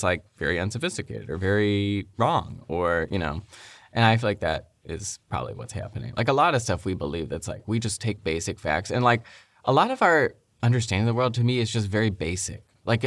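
A man's voice: lowish voice, fairly bright tone, no echo, studio quality. A man co-hosting a podcast, thinking aloud in a reflective, casual way with many fillers. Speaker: podcast co-host. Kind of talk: casual conversation.

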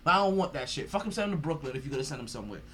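A man's voice: medium pitch, animated, rapid-fire, fairly bright tone, a little hiss or hum. A man hosting a sports podcast, ranting in a profane, mocking way and laughing often. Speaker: podcast host.

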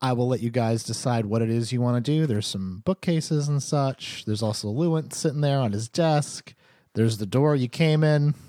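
A man's voice: medium pitch, moderate pace, mellow, dry recording. A man narrating a tabletop game as game master, in a casual, rambling way with many fillers.

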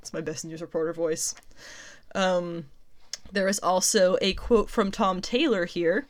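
A woman's voice: lowish voice, a little slow. Chatty woman hosting comic news. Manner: chatty and animated, laughs often, corrects herself mid-sentence. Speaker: pop culture news host. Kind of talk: casual news commentary.

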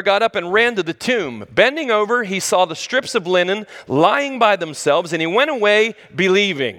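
Man, preacher, sermon, high voice, dramatic loud-soft swings, talks directly to listeners, church hall reverb. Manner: dramatic swings between loud high exclamations and low hushed lines; conversational, addresses the listeners directly. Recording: long reverb of a large hall.

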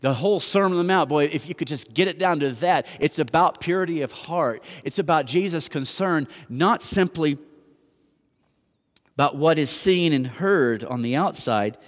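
Male pastor, slightly high voice, casual wry sermon delivery, long sanctuary reverb. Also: expressive, moderate pace. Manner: conversational, self-deprecating, rhetorical questions. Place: church sanctuary. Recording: long church hall reverb.

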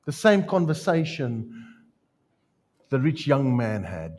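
A man with a South African accent preaching a sermon, telling stories with jokes and lively asides. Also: mid-range voice, takes it slowly. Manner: storytelling, joking, animated asides. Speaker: pastor.

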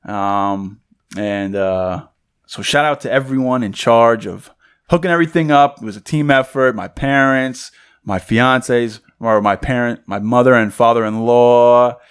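A young man co-hosting a podcast, telling a story in a loose, animated way and acting out the voices of the people in it. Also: mid-range voice, measured pace, clean tone. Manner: loose and conversational, many fillers. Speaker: podcast co-host. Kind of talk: casual storytelling chat.

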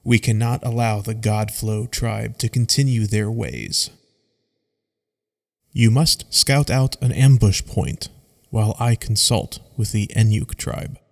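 Man playing a stern furry tribe leader, slow and gravelly, commanding, lots of hall echo. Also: on the low side. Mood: determined. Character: stern, compassionate furred male tribal chief.

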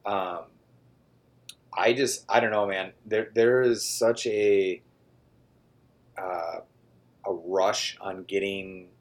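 A man in his forties co-hosting a podcast in casual chat, easygoing and quick to agree. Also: sits low, fairly even intonation. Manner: easygoing, agrees a lot with short yeps. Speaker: podcast co-host.

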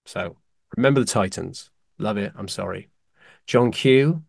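A man co-hosting a casual podcast, excitedly ranking favourite films with dramatic apologies along the way. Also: lowish voice, measured pace, creaky, no room sound, clean studio sound. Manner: animated, excitable, apologetic asides. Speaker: podcast co-host.

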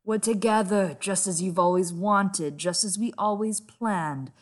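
A woman's voice: mid-range voice, close to an everyday voice. A woman reading as a coaxing, scheming lord. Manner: calm, coaxing, measured. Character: smooth scheming male lord, soothing and calculating. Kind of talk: dramatic book reading.

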